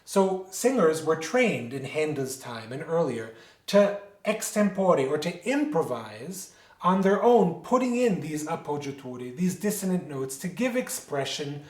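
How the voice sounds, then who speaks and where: Male music teacher, slightly high voice, patient explainer who asks and answers his own questions, echoey room. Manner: explanatory, poses rhetorical questions and answers them. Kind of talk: instructional lecture. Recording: roomy echo.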